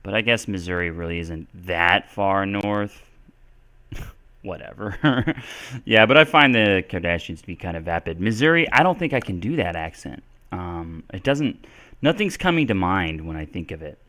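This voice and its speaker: A man's voice: sits low, lively intonation, moderate pace, pushed and bright. A man answering English questions on a live stream, casual and thinking aloud with lots of fillers. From Texas. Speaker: English teacher.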